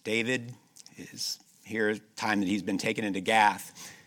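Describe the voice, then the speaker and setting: A man preaching a sermon, moving between loud emphatic stretches and soft, slowed passages, repeating key phrases and asking the congregation rhetorical questions. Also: fairly low pitch, steady tone.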